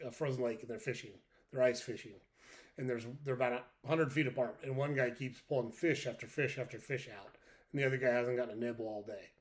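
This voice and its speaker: A man in his fifties, a podcast host, giving an earnest, direct motivational monologue and repeating his key points for emphasis. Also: mid-range voice.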